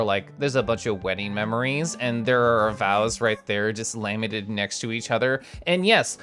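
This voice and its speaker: A young adult livestreamer chatting casually and playfully while showing fan art, excitable, swearing now and then and making little growly noises. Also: medium pitch.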